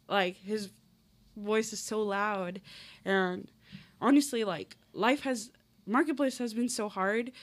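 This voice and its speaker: A woman in her twenties talking earnestly in casual conversation, with many fillers. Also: medium pitch. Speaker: guest.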